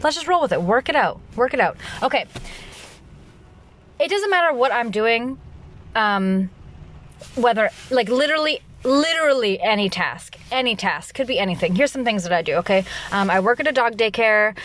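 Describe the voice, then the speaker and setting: A young adult woman hosting her own podcast in a loud, rambling solo monologue, restarting sentences often and laughing at herself. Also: fairly high pitch, normal speed, a little hiss or hum. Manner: loud, animated delivery. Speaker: podcast host.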